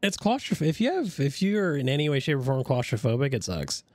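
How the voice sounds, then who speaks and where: Lively army veteran man, dry sound. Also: fairly high pitch, no echo. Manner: lively storyteller, quick asides. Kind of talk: casual podcast chat.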